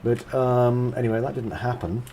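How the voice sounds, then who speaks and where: A man's voice: mid-range voice, moderate pace, dark tone, a little hiss or hum, poor audio. A man who is a game developer, giving casual gameplay commentary in a chatty, self-mocking way with frequent asides.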